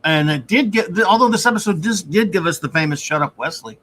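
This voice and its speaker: A man's voice: high-pitched, quick pace, a bit bright. A man hosting a casual review podcast, wry and easygoing, often trailing off into mutters. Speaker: podcast host.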